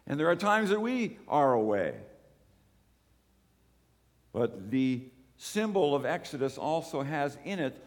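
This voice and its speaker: A man's voice: a little high, very animated, takes it slowly, long pauses. A man preaching a sermon as pastor, earnest and repeating words for emphasis, his voice swelling and dropping. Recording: long echo of a large hall.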